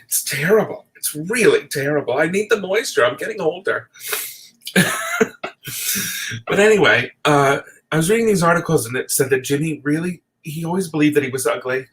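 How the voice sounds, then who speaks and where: A man's voice: fairly high pitch, animated, brisk, few pauses, fairly bright tone, poor audio. A middle-aged man delivering an impassioned, profane late-night rant, at times teary. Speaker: video essayist.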